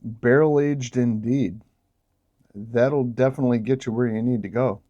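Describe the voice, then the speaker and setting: A man's voice: mid-range voice, moderate pace, dull audio. A man from New York State doing a casual, jokey vlog as he tastes beers, exclaiming at each sip. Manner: relaxed, jokey, exclaims while tasting. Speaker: beer vlogger.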